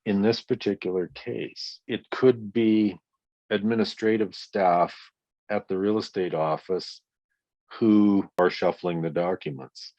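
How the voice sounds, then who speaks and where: A man's voice: lowish voice, steady tone, slow, dark tone, dry recording, lo-fi sound. A man in his sixties being interviewed, who tells his story bluntly and emphatically and swears often. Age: 60s. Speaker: guest, victim's father. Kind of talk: interview conversation.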